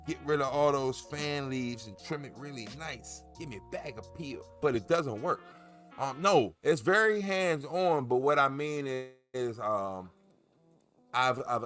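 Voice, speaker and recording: Animated rambling man hosting a livestream. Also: on the low side. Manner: animated, rambling and jokey, with many restarts. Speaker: cannabis grow livestream host. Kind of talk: casual livestream chat.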